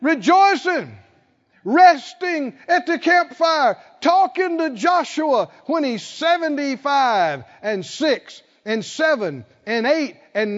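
A man preaching a sermon, acting out the people in the story and swinging from quiet talk to shouting. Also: very high-pitched, lively intonation, measured pace. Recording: dull lo-fi sound with long hall reverb.

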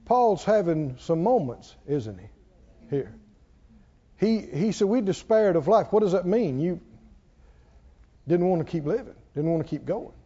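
A man preaching a sermon with passion, swinging from quiet low passages to loud peaks. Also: very animated, a little slow, pauses often, husky. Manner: impassioned, rising to loud peaks and dropping low. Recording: dull lo-fi sound.

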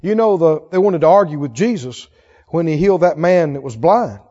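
A man's voice: a little high, lively intonation, fairly quick, mellow. A man preaching a sermon as pastor, calling on the congregation for responses and building to emphatic exhortation. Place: church sanctuary. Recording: dull sound with long hall reverb.

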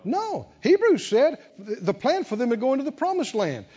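A man's voice: very high voice, big pitch swings, normal speed, warm tone, breathy edge, in a large hall, muffled recording. A man preaching a sermon, emphatic and calling out to the congregation. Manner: emphatic, call-and-response preaching.

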